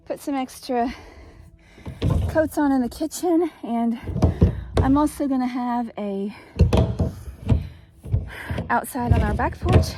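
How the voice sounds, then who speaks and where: Walking outside for her homestead vlog, a middle-aged woman from East Tennessee chats casually, breathless and cheerful. Her fairly high voice comes through with background noise as she rambles on.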